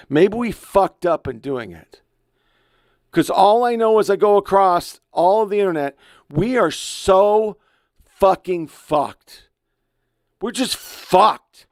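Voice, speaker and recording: Gen X male podcast host, 50s, fairly high voice, swears freely, emotional, dry studio sound. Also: lively intonation, slow pace, a little mellow, no echo. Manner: blunt, profane, heated ranting. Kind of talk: podcast commentary on online clips.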